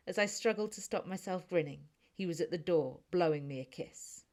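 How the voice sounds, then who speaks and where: A woman's voice: on the low side, normal speed, few pauses, a little mellow. Snarky British woman narrating an audiobook. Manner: snarky, chatty, conversational. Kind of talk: first-person audiobook narration.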